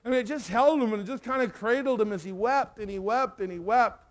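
A man's voice: high voice, brisk. A man preaching a sermon, telling a personal story with emotion and acting out the dialogue. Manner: emotional, animated storyteller who acts out the dialogue.

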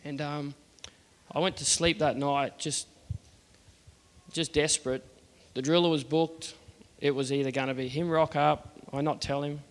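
Australian man, fairly high voice, plain-spoken testimony, hall reverb. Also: fairly even intonation, unhurried, long pauses. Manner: earnest, plain-spoken, acts out the dialogue. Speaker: churchgoer telling his faith story. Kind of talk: personal testimony storytelling.

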